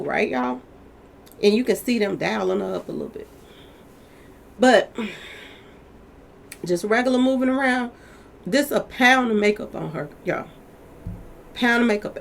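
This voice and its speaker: A woman's voice: mid-range voice, normal speed, vocal fry, long pauses, slight background noise. A woman hosting her own channel, chatting animatedly about celebrity gossip and talking straight to her viewers. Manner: chatty, animated, keeps addressing viewers as "y'all". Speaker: commentary channel host. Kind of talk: casual celebrity gossip commentary.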